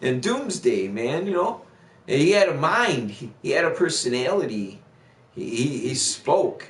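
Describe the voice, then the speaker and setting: A man's voice: on the high side, big pitch swings, a little slow, reverberant. A man chatting casually on a gaming livestream, rambling through a profane rant with lots of restarts and fillers. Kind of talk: casual chat while streaming.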